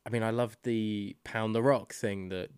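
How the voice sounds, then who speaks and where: A man co-hosting a podcast in casual, animated chat, laughing often. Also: lowish voice, normal speed, smooth, no room sound, studio quality. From United Kingdom. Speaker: podcast co-host.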